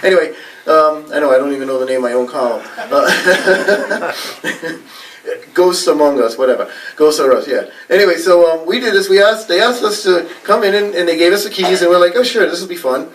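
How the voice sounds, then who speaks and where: Talking fairly quickly in a fairly high, bright voice, a man with a New England accent gives a rambling story talk in a library meeting room. He's chatty, laughs a lot, and uses plenty of fillers, while the recording has a slight hiss or hum and picks him up from a little far away.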